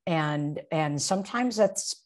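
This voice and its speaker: A woman with a low-pitched voice talks through a Bible passage on a video call. She is reflective and searching, circling back and restarting her sentences as she thinks aloud. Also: lively intonation, slow pace, a little mellow. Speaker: seminary professor, podcast co-host. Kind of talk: casual discussion of scripture.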